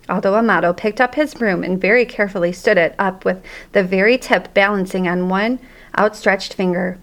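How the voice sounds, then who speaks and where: A woman narrating a children's story aloud in a lively, expressive way. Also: medium pitch, moderate pace.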